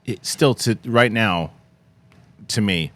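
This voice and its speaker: A man with a somewhat low voice hosts a casual film discussion. He gets animated and laughs as he retells favorite scenes. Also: slow. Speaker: host.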